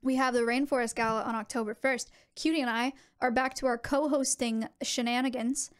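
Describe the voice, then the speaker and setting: A woman's voice: fairly high pitch, clean tone. Chatty young woman streamer. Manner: animated, talks to chat, quick asides. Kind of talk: casual chat with viewers.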